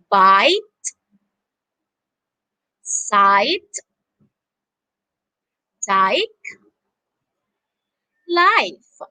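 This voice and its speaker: High-pitched, slow-talking Filipino teacher. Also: female voice, a bit bright. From Philippines. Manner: drawn-out, repeating words for learners to echo. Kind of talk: online phonics lesson.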